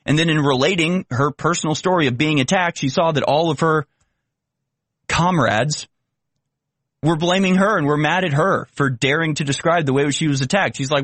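A man's voice: a little high, normal speed, a bit bright, no echo. A man hosting an opinion commentary show, ranting sarcastically and firing off rhetorical questions.

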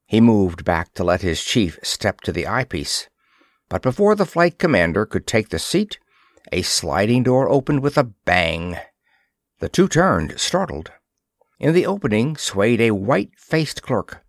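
Brief: male storyteller with a lively, expressive read and a dry, close sound. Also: fairly low pitch, measured pace, no echo. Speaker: audiobook narrator. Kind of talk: scripted narration.

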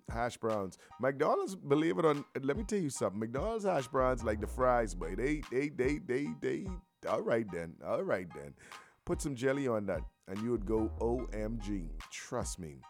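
A man's voice: mid-range voice, darkish tone. Rambling, playful morning radio man. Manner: loose, rambling, playful with slang. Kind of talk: casual radio chat.

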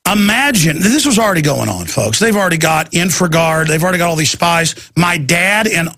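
A man hosting a talk radio show, telling stories in a fired-up, emphatic rant with a gravelly, raspy voice. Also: sits high, very animated, fairly quick, pushed and bright, no echo, soft background music. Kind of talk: ranting talk radio monologue.

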